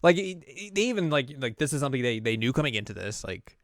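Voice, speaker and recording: A man's voice: medium pitch, very animated, fast, fairly bright tone, no room sound, clean studio sound. A man hosting a casual anime recap, rambling with lots of fillers and acting out the characters. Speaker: host.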